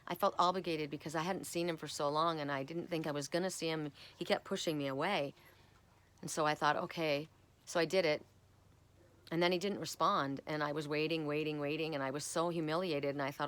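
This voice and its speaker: A woman's voice: deep voice, fairly bright tone. A middle-aged woman giving a casual, chatty spiritual talk as an oracle card reader, telling stories and often repeating words. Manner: chatty, storytelling, repeats words when worked up.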